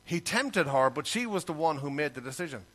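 A man's voice: fairly high pitch, animated, a little fast, sharp tone. A man preaching a sermon, talking earnestly and conversationally and reading scripture aloud. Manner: earnest, conversational, reads scripture in King James wording.

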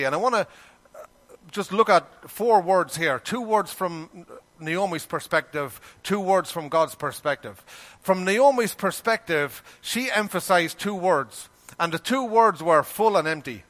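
Emphatic male preacher, fairly high voice. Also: animated, measured pace, fairly bright tone. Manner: emphatic preaching with rhetorical questions; acts out quoted voices. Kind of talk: sermon.

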